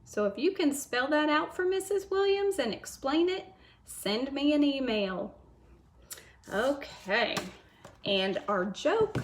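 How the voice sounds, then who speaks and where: A woman teacher reading a chapter book aloud to children, gentle and patient as she tells the story. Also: on the high side.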